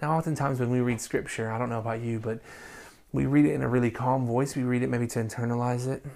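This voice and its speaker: Passionate pastor preaching. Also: male voice, mid-range voice, steady tone, fast, gravelly. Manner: passionate, swings between quiet and loud. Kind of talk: sermon. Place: church recording during lockdown.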